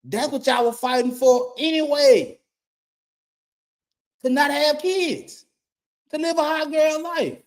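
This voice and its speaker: Man, middle-aged, high-pitched, blunt profane rant, emphatic and repetitive. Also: slow pace, pauses often. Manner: blunt, profane, emphatic, repeats his points. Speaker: YouTube commentator. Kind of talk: ranting monologue.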